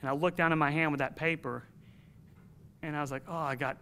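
A man's voice: fairly high pitch, steady tone, brisk, sharp tone, slight background noise. A man preaching a sermon to his congregation in an earnest, emphatic way, telling a personal story.

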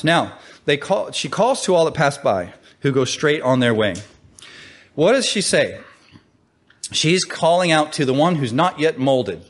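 A man preaching a sermon, conversational and animated, often asking the listeners questions and rising in pitch to stress quoted calls.

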